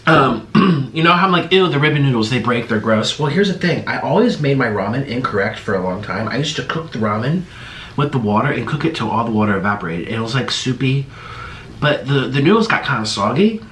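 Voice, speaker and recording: A man chats casually to camera during an eating vlog, his talk halting and strained because his mouth is numb and stinging from spicy food. His voice is bright and tense, and his pitch swings widely. He is recorded in an echoey room with faint background noise. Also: animated. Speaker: mukbang host.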